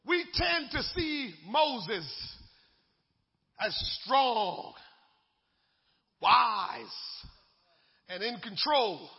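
High gravelly-voiced fervent preacher. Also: male voice, animated, very slow, pauses often. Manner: fervent preaching, swings from shouting to hushed; frequent "uh" before each phrase. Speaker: pastor. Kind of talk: sermon. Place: church sanctuary. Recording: lo-fi echoey church hall.

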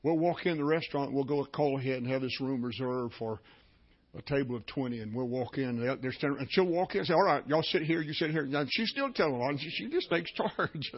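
Man, older, pastor, folksy sermon storytelling, husky, muffled lo-fi recording. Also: medium pitch, brisk. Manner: folksy, repetitive anecdotal storytelling. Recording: dull lo-fi recording.

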